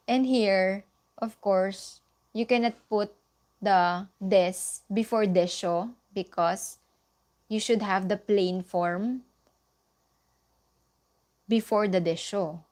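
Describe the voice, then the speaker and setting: A woman with a Filipino accent and a mid-range, slightly mellow voice teaches a live online Japanese lesson. She explains slowly, repeats the example phrases, and occasionally slips into Tagalog.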